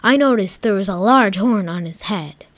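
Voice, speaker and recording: A woman narrating a playful first-person story as a Martian visitor, dramatic and lively. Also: medium pitch, normal speed, no room sound.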